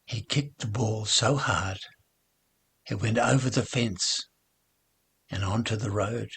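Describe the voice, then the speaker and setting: A man voicing a sad older grandfather who speaks haltingly, with stammers and pauses. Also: fairly low pitch, fairly even intonation, gravelly, fairly bright tone, husky, full character voice. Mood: grieving. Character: grieving older grandfather, once grumpy.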